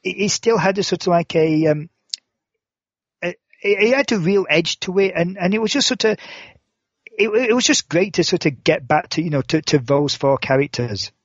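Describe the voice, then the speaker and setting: A man in his forties chats loosely as a podcast co-host, circling his point with lots of restarts and "sort of". His humor runs dry and sarcastic. The voice sits a bit high, the sound is dull and lo-fi, and the room is dead dry. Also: expressive, moderate pace, dry recording. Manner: rambling with many restarts and "sort of" fillers. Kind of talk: casual chat.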